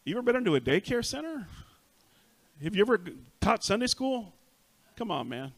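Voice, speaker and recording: A middle-aged pastor preaching a sermon in a church, switching languages and telling stories with animated acted-out voices. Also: high voice, normal speed, gravelly. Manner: animated storytelling, acts out voices. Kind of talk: bilingual sermon, self-translating. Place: church sanctuary.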